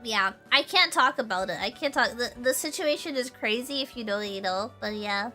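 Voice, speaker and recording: Giggly high-voiced woman streamer. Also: lively intonation, moderate pace, pushed and bright, faint music behind. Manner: rambling, giggly storytelling. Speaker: livestream host. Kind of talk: casual stream chat.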